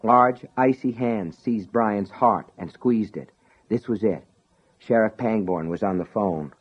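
A man narrating an audiobook in a measured, dramatic way. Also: fairly low pitch, breathy edge. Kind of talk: scripted narration. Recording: dull lo-fi recording.

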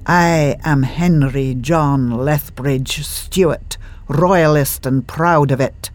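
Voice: medium pitch, takes it slowly, close to an everyday voice. A narrator voicing the ghost of a proud old man, a Scottish royalist, with a sing-song Scottish accent and broad Scots phrasing. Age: older.

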